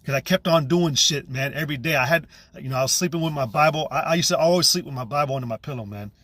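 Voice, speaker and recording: A young man, the host of a channel, gives a personal testimony in a slightly high voice at a quick pace, with a fairly bright tone and a dry recording. He's casual but intense and profane, restarting often and saying "you know" a lot.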